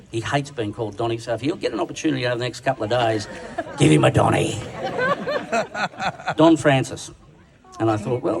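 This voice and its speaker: An Australian man giving a bawdy, crude, self-mocking roast speech on stage at a dinner, with the crowd laughing along. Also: a little high. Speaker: roast speaker. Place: large function room at a dinner event. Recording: distant sound with a loud crowd.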